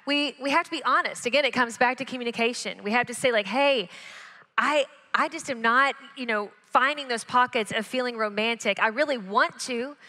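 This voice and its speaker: A woman's voice: fairly high pitch, a little fast, bright, forceful tone. A woman speaking as a guest on a church stage, talking frankly and encouragingly to the audience about marriage. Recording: echoey church hall.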